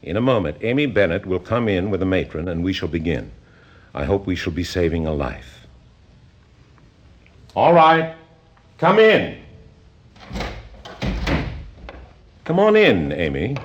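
An actor playing a calm, insistent male psychiatrist in an old film drama, speaking in a measured, persuasive, probing way. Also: deep voice, a little hiss or hum. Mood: formal.

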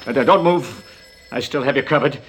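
An actor playing a paranoid, bitter older man who rants and stammers, lurching between loud outbursts and hushed mutters, in a radio drama. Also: mid-range voice, moderate pace, natural voice. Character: bitter paranoid old man, armed, hoarding.

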